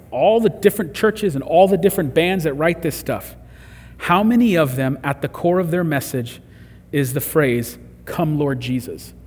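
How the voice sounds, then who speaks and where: A man delivers a sermon in an earnest, conversational way, building to emphatic moments. His voice sits a little high and has a husky edge. The sound carries a long reverb, as from a large hall. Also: a little mellow. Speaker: pastor.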